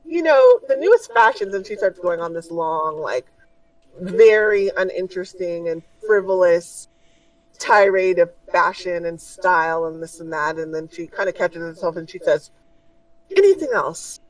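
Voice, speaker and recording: A woman's voice: fairly low pitch, level tone, moderate pace, no room sound, distant mic, low-quality recording. A woman narrating as game master of a tabletop game, in loose, rambling narration full of fillers.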